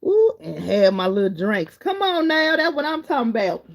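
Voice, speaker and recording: A woman's voice: a little high, big pitch swings, normal speed. A middle-aged woman, hosting a live stream, chatting loosely with viewers and reading their comments in an encouraging way. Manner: chatty, warm and encouraging, wanders between topics.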